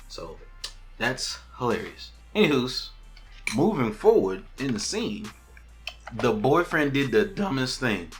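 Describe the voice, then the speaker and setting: A man's voice: mid-range voice, a bit bright. A man hosting a casual podcast and recapping a TV episode, telling it animatedly and acting out lines in different voices. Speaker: podcast host.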